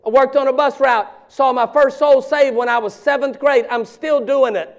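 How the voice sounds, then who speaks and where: A man, preaching a sermon with shouted bursts and joking asides. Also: extremely high pitch, steady tone, normal speed, few pauses. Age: 50s.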